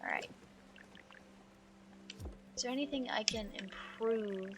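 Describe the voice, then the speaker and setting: A woman's voice: fairly high pitch, slow, background noise. A woman streamer giving casual gameplay commentary, chatty and jokey, thinking aloud as she plays.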